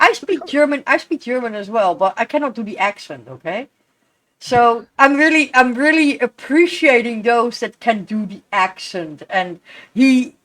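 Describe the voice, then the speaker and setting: A woman's voice: a little high, fairly bright tone. A woman streamer in casual chat, talking in a chatty, emphatic way. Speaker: live streamer.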